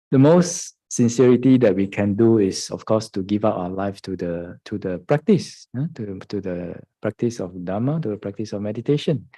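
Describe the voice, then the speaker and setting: Monk giving a mellow, chuckling dharma talk. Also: male voice, on the low side, rough recording. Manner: chuckles often, acts out students in quoted voices; checks in with "huh?" and "hmm?". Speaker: Buddhist monk and meditation teacher.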